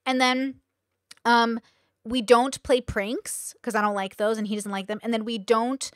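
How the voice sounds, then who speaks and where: Woman, higher voice, candid rambling chat, dry close sound. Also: level tone, a little slow, fairly bright tone, no room sound. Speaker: online content creator. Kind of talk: casual talking-head chat.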